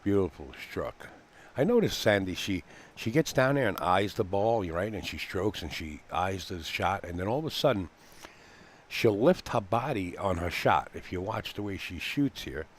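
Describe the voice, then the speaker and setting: A man's voice: deep voice, animated, moderate pace, a little hiss or hum. A man giving live commentary on a pool match, chatty and folksy, with frequent fillers and easy laughter. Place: pool hall commentary booth.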